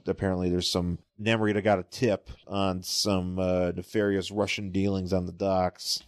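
A man with a lowish voice talks through a comic book on a podcast, rambling and restarting his sentences as he goes. The sound is close and dry, with no room around it. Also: monotone, vocal fry, no echo. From New York area. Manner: rambling, halting, many restarts. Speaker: podcast co-host. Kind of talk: casual comic book chat.

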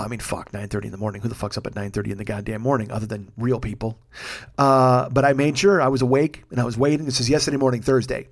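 A man hosting a podcast alone, telling a rambling, profane comic story from his apartment. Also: mid-range voice. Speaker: podcast host. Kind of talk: solo comedic monologue. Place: home apartment.

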